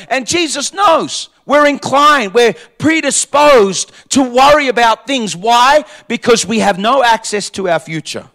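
A pastor delivers a sermon in a very high voice for a man. He repeats key lines for emphasis, rising to shouted points and then dropping to quiet, conversational asides. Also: expressive, unhurried, few pauses. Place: church.

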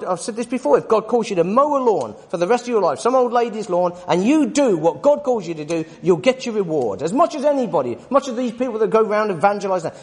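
Man in his forties, Bible study sermon, high lively voice, husky tone, long hall reverb. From United Kingdom. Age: 40s. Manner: emphatic, tag questions to listeners. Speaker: Bible teacher.

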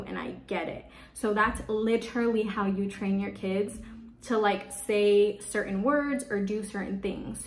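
A woman giving parenting tips to the camera in casual, chatty speech, often filling with "like". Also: mid-range voice. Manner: chatty, leans on "like" as a filler. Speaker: parenting vlogger. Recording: echoey room.

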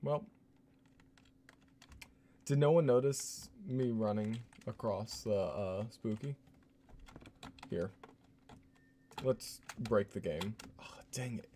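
Man, game streamer, casual chatty commentary, laughs often, low warm voice. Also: slow, long pauses, a little hiss or hum.

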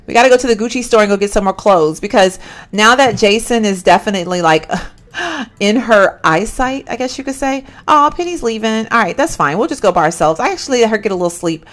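A woman giving animated, exclaiming let's-play commentary and chatting straight to her viewers. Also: medium pitch, brisk. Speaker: gaming channel host.

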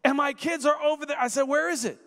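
High-voiced preacher in an echoing hall. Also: male voice, fast. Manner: animated storyteller who acts out quoted voices and rises to shouts. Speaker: guest preacher. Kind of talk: sermon with personal storytelling. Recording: long echoing hall reverb.

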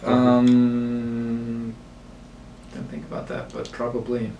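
A man running a tabletop game, talking through the rules with frequent pauses. He sits away from the mic in an echoey room. A steady hiss of noise sits under his voice. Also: mid-range voice, gravelly, distant mic, highs cut off. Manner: halting, many fillers. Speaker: game master.

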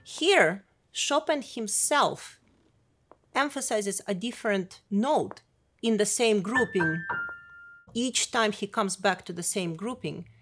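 Piano professor teaching, piano behind. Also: female voice, mid-range voice, lively intonation, slow. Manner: clear, demonstrative teaching. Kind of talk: instructional video lesson. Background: piano playing.

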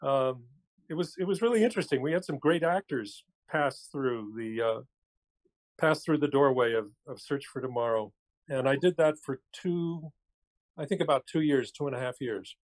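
An older male actor talks at normal speed and medium pitch as a podcast guest, calling in on a cell phone. The chat is casual, and he reflects on his career with relaxed, dry humor.

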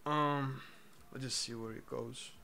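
A male streamer chatting offhand with an AI bot, mumbling and halting, with a teasing tone. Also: medium pitch, fairly even intonation, vocal fry, pushed and bright. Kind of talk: casual live-stream chat with an AI bot. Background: faint keyboard typing.

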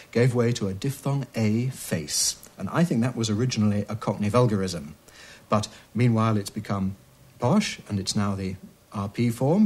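A man, an expert on British accents, explaining speech changes in a measured way while demonstrating vowel sounds. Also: medium pitch, darkish tone, husky. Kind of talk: explanatory interview talk.

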